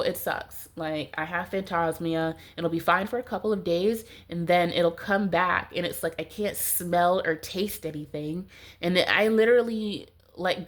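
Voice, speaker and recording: A woman with a blocked nose and a distinctly nasal sound gives a casual tarot reading. Her voice sits a little low. She rambles and fills her talk with "like". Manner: rambling, heavy use of "like". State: stuffy nose, congested. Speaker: tarot reader.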